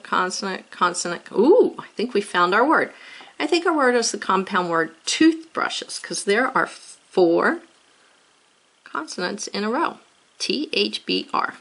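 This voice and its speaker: A woman's voice: mid-range voice, fairly bright tone. A woman teacher giving a recorded spelling lesson, thinking aloud patiently as she works through the words.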